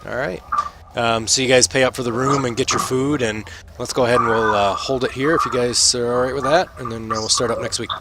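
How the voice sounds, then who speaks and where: A man runs a tabletop game in a relaxed, halting voice full of small fillers. His pitch sits in an ordinary middle range. Clear background noise runs under the mic. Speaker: game master.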